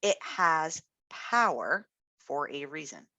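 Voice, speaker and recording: A woman's voice: sits low, animated, takes it slowly, bright, forceful tone, no room sound. A woman speech-language pathologist giving an encouraging, reflective webinar talk, with frequent fillers. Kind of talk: webinar presentation.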